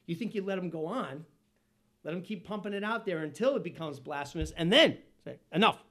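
A man preaching a sermon as pastor, asking the congregation questions and swinging from loud exclamations to hushed asides. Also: high-pitched, brisk.

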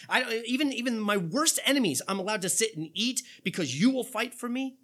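Male pastor, sermon, lively rising-and-falling delivery, bright husky tone. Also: sits high, a little fast, hardly any pauses. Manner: animated preaching, rhetorical questions, quoting scripture.

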